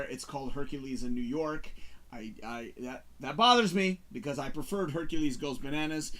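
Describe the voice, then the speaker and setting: A man hosting a casual talk show, chatting about movies in an animated, rambling way. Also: fairly high pitch. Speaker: show host reviewing movies.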